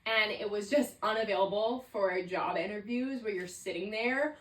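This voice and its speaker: A woman's voice: mid-range voice, moderate pace, a bit bright, recorded from a distance. A woman in her twenties hosting a solo podcast, candid and chatty, with lots of "like" fillers. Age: 20s. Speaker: podcast host. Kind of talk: casual solo podcast monologue. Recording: roomy, set back from the mic.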